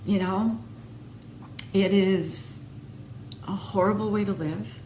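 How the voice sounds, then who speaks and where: A woman's voice: mid-range voice, steady tone, slow pace, mellow. A woman hosting her own video, giving an earnest, emphatic faith talk with many repeated phrases. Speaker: video host. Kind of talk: encouraging faith talk to camera. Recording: echoey room, faint noise.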